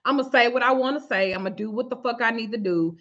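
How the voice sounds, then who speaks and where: High, bright-voiced woman telling stories. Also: fast talker, muffled recording. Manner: profane, animated storyteller, laughing often. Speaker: tarot reader and vlog host. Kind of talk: casual storytelling to viewers.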